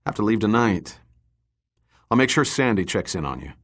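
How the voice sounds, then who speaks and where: A man voicing a steady, gently teasing male agent in an audiobook. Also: lowish voice, normal speed. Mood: easygoing.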